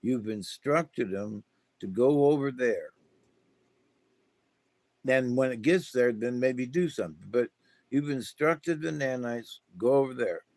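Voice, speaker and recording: Slow, rambling man musing aloud. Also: mid-range voice, a little mellow, dry recording. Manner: slow, meandering, many fillers and restarts. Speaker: spiritual talk host. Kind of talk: rambling casual monologue.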